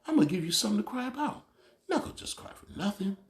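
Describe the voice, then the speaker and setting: A man's voice: sits high, sing-song, racing, background noise, voice pushed up. A man voicing a stern father who threatens his crying child bluntly. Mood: threatening.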